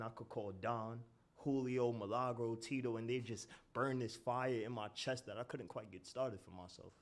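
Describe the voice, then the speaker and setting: A young man performing a spoken-word poem at an open mic, rhythmic and hurried. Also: mid-range voice. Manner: rhythmic, rushed delivery. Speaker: performing poet. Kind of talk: spoken-word poetry recital.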